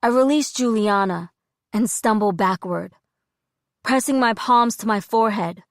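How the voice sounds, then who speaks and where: Brief: woman narrator, unhurried and steady, dry close-miked studio read. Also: medium pitch, dry recording. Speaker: audiobook narrator. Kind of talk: scripted first-person narration.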